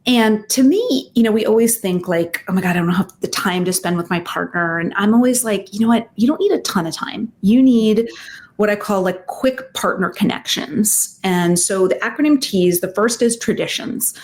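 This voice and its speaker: A woman, a psychotherapist and relationship expert, giving advice in an interview, in an animated way, full of fillers and acted-out quotes. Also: medium pitch, moderate pace.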